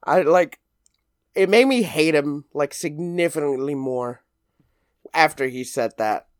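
A man's voice: on the high side, a little slow, no echo, clean studio sound. A young man chatting casually, swearing often and acting out what people said. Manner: animated, swears often, acts out quotes. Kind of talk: casual chat.

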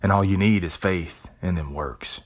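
Profane motivational man, low voice. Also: moderate pace. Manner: profane, preachy, animated. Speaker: podcast host. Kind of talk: motivational monologue.

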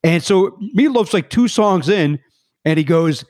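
This podcast guest, a middle-aged man, speaks high-pitched and at a measured pace over a remote mic, with no echo. His casual storytelling wanders, full of self-corrections, and he performs the quoted lines with animated flair.

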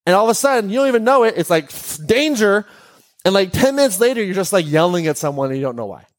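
A man hosting a podcast, speaking in an animated way to a live audience and putting questions to them. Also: high-pitched, fast. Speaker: podcast host.

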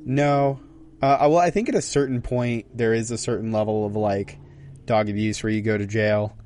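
A man co-hosting a casual podcast, relaxed and hesitant, filling his talk with "like" and "uh". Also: lowish voice, normal speed, a little hiss or hum. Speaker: podcast co-host. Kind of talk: casual chat.

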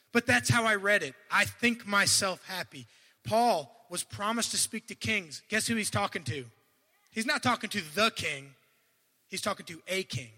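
Brief: male preacher, very bright and sharp tone, animated delivery with loud bursts and hushed asides, stumbles and restarts. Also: sits high, long reverb tail. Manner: admits to stuttering and restarting. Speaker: guest preacher. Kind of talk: sermon.

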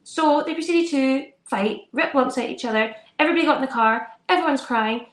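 A young woman, a podcast co-host, telling a story in animated, casual chat and acting out her children's voices. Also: sits high, a little fast. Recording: roomy echo.

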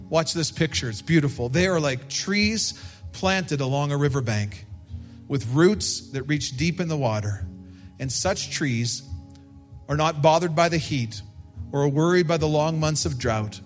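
Man, pastor, sermon, earnest, emphatic, slow, faint music behind. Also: a little high.

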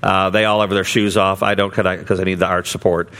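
A man's voice: deep voice, level tone, fast talker, fairly bright tone. Man preaching in a loose, chatty way. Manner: conversational, many fillers and restarts. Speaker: pastor. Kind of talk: sermon with storytelling.

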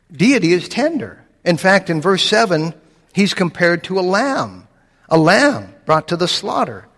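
Earnest preacher in a reverberant church. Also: male voice, a bit bright. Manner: earnest preaching, slows and drops low on scripture quotes. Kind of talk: sermon.

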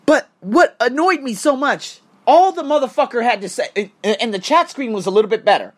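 A man's voice: very high voice, lively intonation, fairly quick. A man who works as an online course instructor and coach, ranting in a heated, profane, casual monologue. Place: Thailand.

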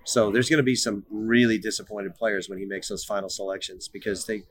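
A man's voice: on the low side, level tone, brisk. A middle-aged man, a former pro soccer player, telling stories as a guest in a casual interview, often repeating words as he starts a sentence.

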